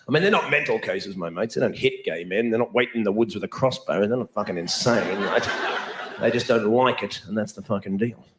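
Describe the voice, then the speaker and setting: An Australian stand-up comedian with a lowish voice talks a little fast through a blunt, swaggering, profane set on a club stage. The room echoes, loud laughter comes through, and the recording is very noisy.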